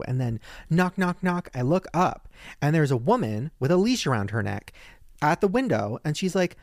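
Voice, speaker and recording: Animated man telling a story. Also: moderate pace, no echo, clean studio sound. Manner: animated storyteller, jumps into high excited quoted voices. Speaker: podcast co-host. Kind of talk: casual storytelling chat.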